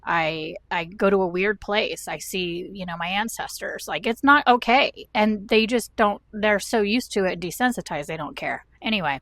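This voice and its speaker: A woman's voice: medium pitch, moderate pace, hardly any pauses, fairly bright tone, dry recording. A woman in her thirties, raised in the American South, chatting to camera at home in a rambling, self-deprecating way. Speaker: vlogger. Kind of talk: chatty talk-to-camera vlog.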